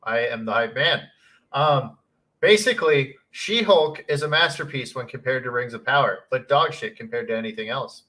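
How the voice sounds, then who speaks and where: Bright-voiced joking male guest. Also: mid-range voice, lively intonation, moderate pace. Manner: blunt, joking. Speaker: stream guest. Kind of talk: casual live stream chat.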